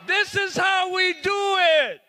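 Slow Southern preacher-politician at a rally. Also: male voice, very high-pitched, completely flat delivery, slight background noise. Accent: Southern US drawl. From South Carolina. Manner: preacherly, repeating himself, shouting. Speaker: reverend and state representative. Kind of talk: rally speech. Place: outdoor rally in the cold.

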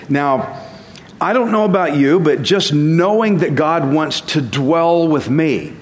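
A man giving a casual sermon as a Bible teacher, conversational and self-deprecating, chuckling at himself now and then. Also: on the high side. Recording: long reverb.

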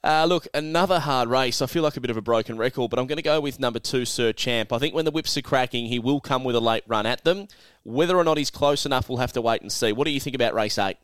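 A man's voice: medium pitch, fast, fairly bright tone, clear, resonant tone, no room sound. Chatty man giving racing tips. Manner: chatty, thinks aloud, asks co-host questions. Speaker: greyhound racing tipster co-host. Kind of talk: casual racing tips chat.

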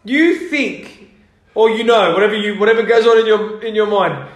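A man's voice: high voice, normal speed. A man co-hosting a podcast, joking and laughing, often stumbling and restarting mid-sentence. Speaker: podcast co-host. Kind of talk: casual banter. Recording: echoey room.

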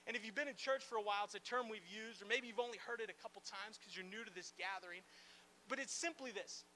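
A man preaching a sermon to a church gathering in an animated, conversational way, with playful asides and lots of "like" fillers. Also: sits high, fast, a little hiss or hum. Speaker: pastor. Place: church gathering in a large room.

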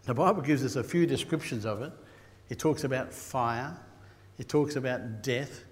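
An Australian man preaching a sermon, telling stories and rising to loud bursts. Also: mid-range voice, normal speed. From Queensland, Australia. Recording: long hall reverb.

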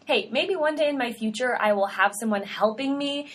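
A woman's voice: a little high, normal speed. Upbeat young woman hosting a podcast. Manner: upbeat and chatty, casual slang. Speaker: podcast host and dietitian. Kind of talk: solo podcast intro.

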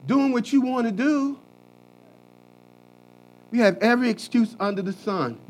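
A male preacher delivering a lively, folksy sermon, swinging between hushed talk and shouting. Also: extremely high pitch, unhurried.

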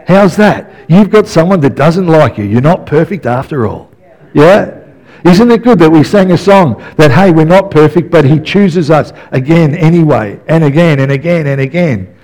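A middle-aged man, a pastor, preaching a sermon in an animated way, dropping soft and then rising to yells as he acts out stories. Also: on the high side, low-quality recording.

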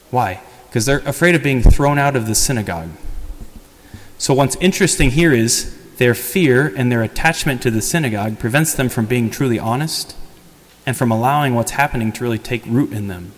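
A man who is a priest, giving a casual sermon that retells a story and acts out the quotes. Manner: lively storytelling, acts out quotes with higher pitch and laughs. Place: church. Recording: long church reverb.

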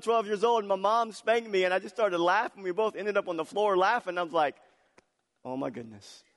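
A male pastor preaching in a church, his slightly higher voice carrying a long hall reverb. He tells stories animatedly, laughing, then drops to a hushed, intimate tone for scripture. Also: a little fast. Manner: animated storytelling with laughs, swinging loud and soft. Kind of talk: sermon.

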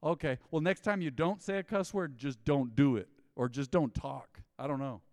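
A man's voice: fairly high pitch, normal speed, no echo, clean studio sound, long reverb tail. A male pastor, preaching a conversational sermon and acting out the people in his stories. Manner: animated storytelling, mimicking people in quoted asides. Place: church.

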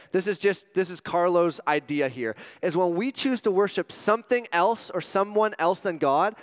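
A man preaching a sermon as a youth pastor, animated and joking, swinging between loud exclamations and hushed asides. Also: sits high, clear, resonant tone. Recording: long reverb of a hall.

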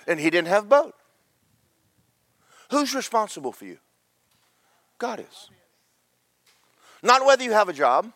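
A man's voice: high voice, big pitch swings, a little slow, long pauses, a bit bright, dry recording. A man preaching a sermon, telling Bible stories in a folksy, joking way with voices for the characters. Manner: folksy storytelling with comic voices.

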